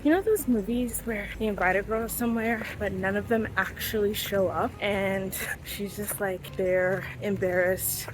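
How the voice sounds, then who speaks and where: A young woman chatting casually to camera in a vlog, loud and playful with quick asides. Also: mid-range voice, over music. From United States. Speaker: travel vlogger.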